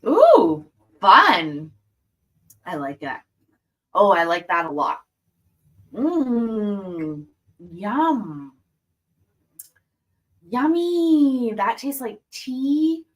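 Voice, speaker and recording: A woman's voice: medium pitch, expressive, extremely slow, long pauses. A woman hosting a casual livestream, chatting and giggling as she tastes candy and savors it aloud. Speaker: livestream host reacting to court videos. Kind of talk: casual livestream chat while tasting candy.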